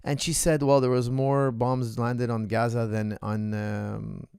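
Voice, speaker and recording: A man's voice: medium pitch, flat delivery, measured pace, gravelly, darkish tone, smooth, no room sound, studio quality. A man hosting a show as a coach, giving casual reaction commentary in short, repeated bursts. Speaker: martial arts coach and show host.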